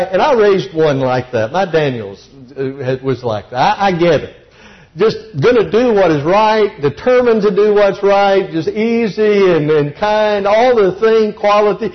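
A middle-aged man preaching a sermon, telling personal stories and moving between soft, low reflection and raised, excited retelling. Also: lo-fi sound. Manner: storytelling, swings from soft and low to high and excited.

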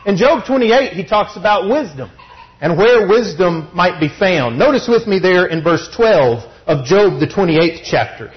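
A male preacher with a high, very animated voice delivers a sermon, leaning on rhetorical questions as he teaches. The recording sounds dull and lo-fi. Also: measured pace.

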